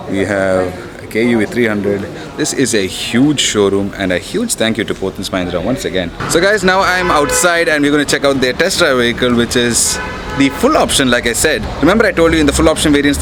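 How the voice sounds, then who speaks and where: A man's voice: medium pitch, a little fast. Chatty young man reviewing a car. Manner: chatty, upbeat, addresses viewers as guys. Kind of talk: casual walkaround car review. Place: car showroom and outdoor lot. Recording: noisy street and car ambience.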